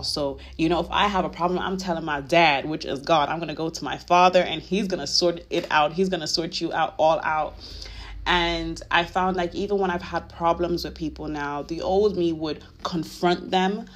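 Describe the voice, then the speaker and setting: A podcast host giving a casual faith talk, earnest and confessional, rambling with lots of filler phrases. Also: mid-range voice. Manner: emotional, confessional.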